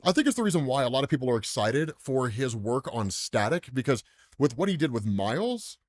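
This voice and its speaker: Very animated and a touch fast, this medium-pitched American man hosts a comics explainer channel. His talk is casual and full of laughter, with "right?" tagged onto sentence after sentence.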